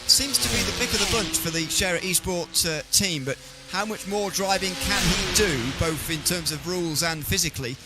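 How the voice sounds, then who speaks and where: A man's voice: high voice, moderate pace, hardly any pauses, loud music behind the voice. Dry teasing male race commentator. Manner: dry teasing, fluent play-by-play.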